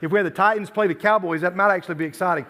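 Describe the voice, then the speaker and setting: A man's voice: sits high, racing, sharp tone. A man from Tennessee giving a youth sermon, chatty and storytelling, with self-deprecating asides. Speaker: youth pastor.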